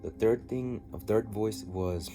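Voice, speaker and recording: A man telling a personal story in a diary vlog, halting and rambling with many restarts. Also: lowish voice. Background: music.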